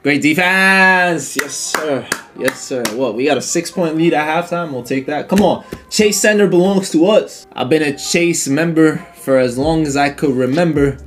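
A man giving casual live commentary on his own game, speaking in slang and talking to his opponent. He drops into low mutters, then jumps into loud, high yelling. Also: normal speed, few pauses, soft background music. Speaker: gaming streamer.

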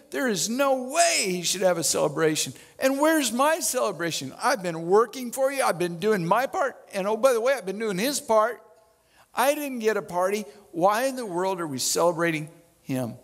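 A preacher putting on an indignant older brother. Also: male voice, fairly high pitch, big-room sound. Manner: complaining, raised and pleading. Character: resentful older brother, adult man, indignant.

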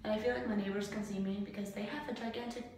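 A woman's voice: mid-range voice, steady tone, fast, darkish tone. A young woman vlogging in casual chat to the camera, joking about herself and laughing often. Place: empty glass-doored breezeway indoors. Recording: very echoey bare room.

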